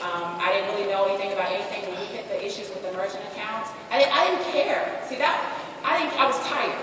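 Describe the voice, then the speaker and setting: A woman's voice: medium pitch, fast talker, crowd noise. A woman giving a candid, joking motivational talk to a live audience at a business event. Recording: echoey hall, distant mic, background noise.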